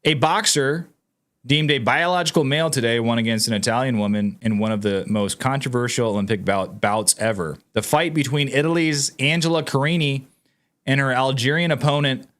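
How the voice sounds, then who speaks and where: A man's voice: mid-range voice, brisk, fairly bright tone. A man hosting his own commentary channel. He talks casually and emphatically to viewers, reads news items aloud and sounds incredulous. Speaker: political commentary channel host.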